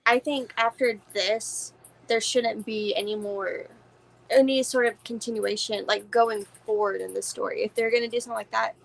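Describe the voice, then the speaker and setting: Woman guest at a movie watch party, fairly high voice, gravelly, chatty, swears. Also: fairly even intonation, moderate pace, low-quality recording. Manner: chatty, swears, heavy use of "like". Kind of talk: casual watch party chat.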